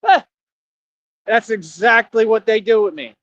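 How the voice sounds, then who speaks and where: A young man rants on a livestream, emphatic, combative, and slangy. His voice sits high and a bit bright, and he's unhurried. The recording is dry, with dull lo-fi audio.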